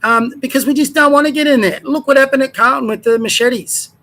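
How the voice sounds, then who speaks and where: A man's voice: very high-pitched, brisk, pushed and bright. An Australian man hosting his own show, ranting in a heated, rambling way and trailing off mid-sentence. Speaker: show host. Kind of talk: ranting commentary.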